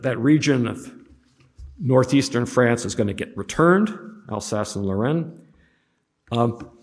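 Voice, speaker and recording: Man, history teacher, classroom lecture, casual with wry asides, middle pitch, echoing hall. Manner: conversational with humorous asides.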